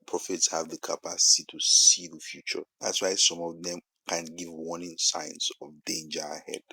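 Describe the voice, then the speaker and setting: Nigerian preacher guy, low and bright-edged, repeats himself for emphasis, dry close sound. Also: flat delivery, normal speed, vocal fry, husky, no echo, low-quality recording. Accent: Nigerian English. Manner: repetitive, emphatic, builds to loud peaks. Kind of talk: sermon-style monologue.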